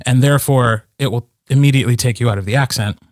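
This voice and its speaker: A man's voice: medium pitch, fast, darkish tone, dry recording, clean studio sound. A man who narrates audiobooks, co-hosting a podcast in casual chat with many fillers and restarts.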